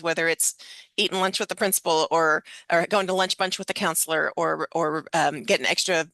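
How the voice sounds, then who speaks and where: A woman's voice: low-pitched, fairly even intonation, a little fast, fairly bright tone, no room sound. A woman host in a conversational presentation, explaining ideas through examples.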